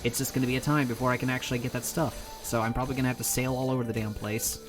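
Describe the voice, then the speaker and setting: A man's voice: mid-range voice, little pitch movement, rapid-fire, over loud music, low-quality recording. A man streaming a video game, chatting casually in a rambling, self-mocking way and laughing often. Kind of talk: casual chat while gaming.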